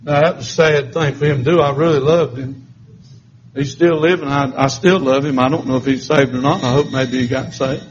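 A man's voice: mid-range voice, fairly even intonation, a little fast. A man preaching a sermon and telling his own testimony, in an emotional, repetitive cadence with stammered restarts. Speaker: pastor. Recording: slightly muffled recording with faint background noise.

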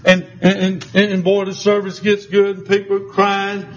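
Folksy preacher man, high voice. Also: normal speed. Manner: folksy, animated storytelling preacher. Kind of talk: sermon with storytelling. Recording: slightly muffled recording with faint background hiss.

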